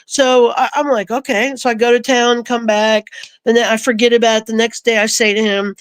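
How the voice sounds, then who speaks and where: Animated woman telling a story. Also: fairly high pitch, fairly quick, no room sound. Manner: animated, quotes voices in her retelling. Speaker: guest. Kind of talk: casual storytelling.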